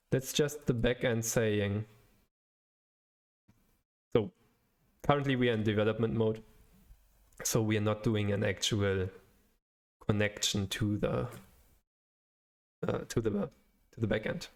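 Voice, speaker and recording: A man, a young adult, talks slowly and unhurriedly as he codes live for viewers, explaining each step while he works it out. He searches for words and corrects himself often, in a hesitant, thinking-aloud manner. His pitch sits in the ordinary middle range for a man. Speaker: live-coding streamer.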